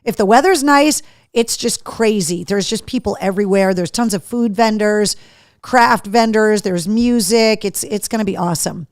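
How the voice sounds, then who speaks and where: A woman's voice: medium pitch, normal speed, no echo, clean studio sound. A middle-aged woman from Massachusetts hosting a live show in casual chat, reading viewer comments aloud and talking freely. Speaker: host.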